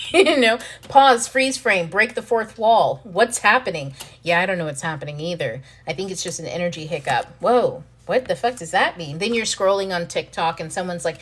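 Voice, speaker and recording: A woman's voice: on the low side, moderate pace, fairly bright tone. Woman chatting casually on a stream, blunt and sweary, keeps laughing. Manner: blunt and profane, laughing often. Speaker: author and self-development host. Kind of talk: casual livestream talk answering viewer questions.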